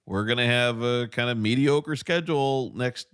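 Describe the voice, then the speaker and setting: A man's voice: medium pitch, moderate pace, fairly bright tone, clear, resonant tone, no echo. Loose, rambling man, dry close sound. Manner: loose, rambling, full of fillers. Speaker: sports talk host. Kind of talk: casual sports debate.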